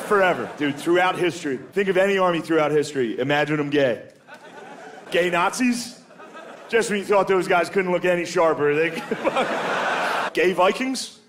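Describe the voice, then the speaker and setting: Crude stand-up comic, noisy recording. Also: male voice, high-pitched, animated, normal speed. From United States. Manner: crude, profane, chuckles at his own jokes, says dude a lot. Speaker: stand-up comedian. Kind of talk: stand-up comedy set. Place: comedy stage before a live audience.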